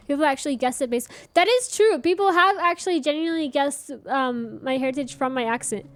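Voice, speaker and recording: A young Canadian woman with a Canadian accent, chatting casually and laughing often while streaming a game and answering chat. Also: sits high.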